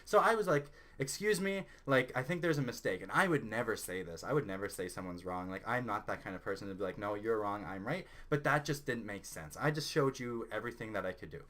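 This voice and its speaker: A young man with a Canadian accent, hosting his own channel and telling a personal story in a lively, excitable way. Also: fairly low pitch, fairly quick, hardly any pauses. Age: young adult. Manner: animated, excitable storyteller who rises loud when indignant. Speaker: channel host. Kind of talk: casual storytelling vlog.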